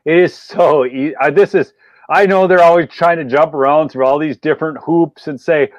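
A man's voice: fairly high pitch, fairly even intonation, moderate pace, dry recording. A man hosting a casual podcast, emphatic and prone to hesitant fillers. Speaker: podcast host. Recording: dry lo-fi audio.

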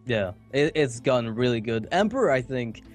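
A man casting an esports match, chatting casually between games with quick asides and jokes. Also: medium pitch, big pitch swings, faint music behind. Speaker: esports caster. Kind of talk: casual pre-match commentary.

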